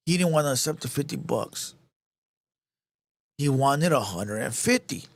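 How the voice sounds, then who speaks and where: A man's voice: mid-range voice, lively intonation, moderate pace, gravelly, pauses often, no room sound. A man hosting a live show, telling a heated, profane story in casual street slang, repeating himself as he goes.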